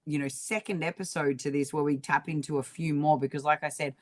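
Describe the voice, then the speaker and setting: A woman co-hosting a podcast in relaxed, casual chat, with many fillers. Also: sits low, fairly quick. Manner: relaxed, full of "um" and "you know". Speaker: podcast co-host.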